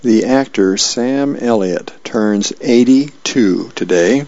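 A man's voice: mid-range voice, gravelly, a little mellow, no room sound. A man volunteering as a radio reader, reading the newspaper aloud plainly with small slips, in a dull lo-fi radio recording.

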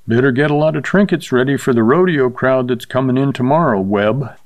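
A man's voice: medium pitch, fairly quick, no room sound, close to an everyday voice. A man voicing an insolent, condescending banker who mocks and threatens in a slightly raised voice. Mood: mocking. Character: smug fat banker, mocking and threatening.

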